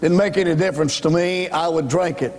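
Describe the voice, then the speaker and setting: An older evangelist tells his own testimony in a folksy, storytelling way. His voice sits a little high for a man. It rings out with a long reverb, as if recorded in a large church hall. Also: a little fast, darkish tone. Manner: folksy storytelling, rising to impassioned cries. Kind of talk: testimony sermon.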